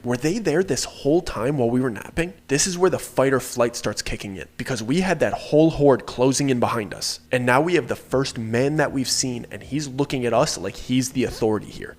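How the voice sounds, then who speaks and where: Man narrating a first-person horror story. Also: mid-range voice. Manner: earnest, steady telling with casual slang.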